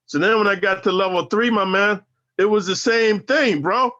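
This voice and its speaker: A man's voice: high-pitched, normal speed, sharp tone, dull audio. A man from Northern California being interviewed, telling his stories in a slangy, profane, emphatic way. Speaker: interview guest, former prisoner. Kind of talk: casual storytelling interview.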